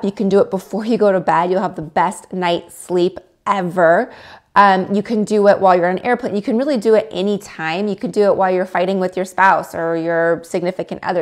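A woman hosting a casual livestream, coaching viewers step by step and acting out their inner voices. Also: lowish voice. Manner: coaching, demonstrates tapping, acts out inner voices. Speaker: livestream host.

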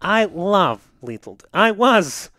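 A man's voice: high voice, very animated, slow pace, pushed and bright, no echo, studio quality, pitched above the performer's own voice, full character voice. A man playing a boastful older Russian hockey coach in an exaggerated mock Russian accent with broken English. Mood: mock-proud.

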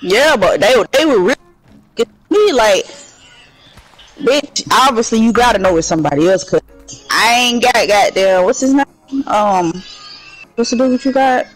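An excitable man banters with his teammate during a match, his voice leaping up and down as he protests and jokes. Faint music sits behind him. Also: very high voice, low-quality recording. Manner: excitable, quick to protest and joke. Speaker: gaming teammate. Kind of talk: casual gaming chat.

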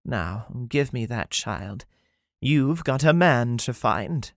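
A man voicing a calm woman who speaks slowly and measured. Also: medium pitch, creaky, no room sound, clean studio sound, pitched above the performer's own voice.

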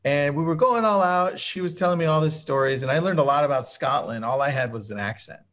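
A man's voice: fairly high pitch, fast, fairly bright tone. A man co-hosting a webinar in casual chat, upbeat and enthusiastic as he tells stories. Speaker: webinar co-host.

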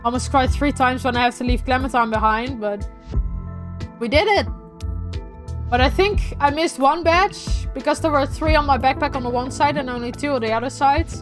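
A young woman's high voice, soft and teary from crying, talks her way through a game's ending. She speaks in a heartfelt way to the game and to her viewers, and faint music plays under her. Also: normal speed. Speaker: gaming streamer. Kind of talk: emotional let's-play commentary.

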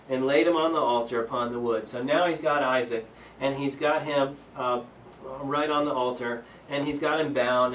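A man's voice: mid-range voice, reverberant, distant mic, a little hiss or hum, poor audio. A man leading a Bible study, reading scripture aloud and explaining it earnestly, with many fillers and restarts. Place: church room.

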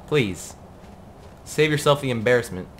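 A man giving casual gameplay commentary in a profane, excitable and joking way. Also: medium pitch, moderate pace, a little hiss or hum.

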